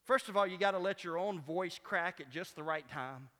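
A man preaching a sermon as pastor, moving between quiet, conversational teaching and loud, impassioned appeals. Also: high voice, moderate pace, in a large hall. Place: church sanctuary.

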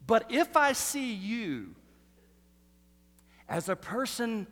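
A man preaching a sermon, animated and full of rhetorical questions, swinging between loud bursts and hushed lines. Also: very high-pitched, very slow. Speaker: pastor. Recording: long reverb of a large hall.

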